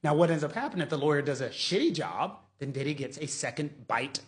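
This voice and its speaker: An animated middle-aged man talking through legal news in a casual, mocking way. He acts out quotes and pokes fun. His voice sits a little high for a man. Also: quick pace. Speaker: lawyer commentator.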